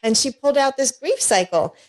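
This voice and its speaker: Animated middle-aged woman guest, bright voice. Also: high voice, fairly quick. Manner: animated, laughs often, acts out quoted voices. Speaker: guest, divorce coach. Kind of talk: candid personal storytelling.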